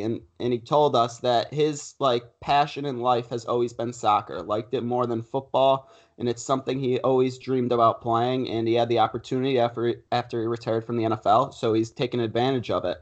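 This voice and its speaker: A young man co-hosting a podcast, telling a story in an animated way and acting out quotes. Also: mid-range voice, a little fast, hardly any pauses, dull audio. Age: young adult. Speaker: podcast co-host. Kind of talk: casual storytelling chat.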